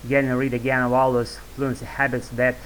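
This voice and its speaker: A man's voice: mid-range voice, level tone, brisk, a little hiss or hum, poor audio. A man with a Russian accent, speaking English as a second language, rambling loosely to camera with lots of fillers and restarts. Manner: wordy, loose, filler-heavy, restarts often. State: sore throat. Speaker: YouTube English-learning vlogger.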